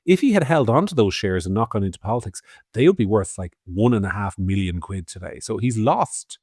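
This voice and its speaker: An Irish man with a fairly low voice talks politics on a podcast, sardonic and fond of swearing. His pitch swings widely, from loud bursts down to quiet asides, and the close mic sounds completely dry. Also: animated, fast, slightly rough, dry recording. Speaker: podcast co-host. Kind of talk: opinionated political chat.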